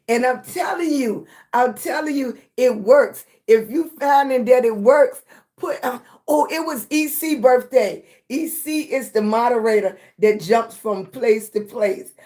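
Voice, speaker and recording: A woman hosts a casual livestream chat, speaking slowly and affectionately to viewers, whom she calls "baby," and sometimes sounding short of breath. Her voice is on the high side, slightly raspy and breathy, with a darkish tone.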